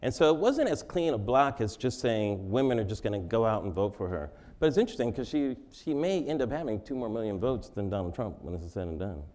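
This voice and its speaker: A man's voice: lowish voice, very animated, a little fast, few pauses, warm tone. A man answering interview questions in a joking, conversational way, laughing often. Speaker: interview guest.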